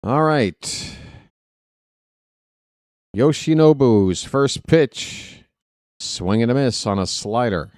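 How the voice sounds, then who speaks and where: A man calling live baseball play-by-play for fans, excitable and jokey, talking straight to his listeners. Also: mid-range voice, drawn-out words, pauses often, no echo, studio quality. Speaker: fan play-by-play commentator.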